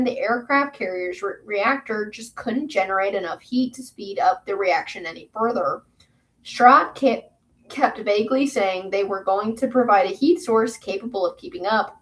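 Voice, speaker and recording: A woman reading a novel aloud for her channel, relaxed and chatty in her asides. Her voice sits a touch high for a woman and flows at an easy reading pace. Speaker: booktube reader.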